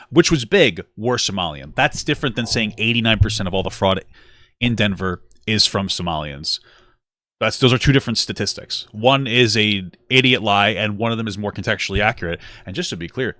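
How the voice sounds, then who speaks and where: A man's voice: on the low side, pushed and bright, no room sound. A man hosting a reaction commentary, talking with sarcastic, dry asides. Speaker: commentary host.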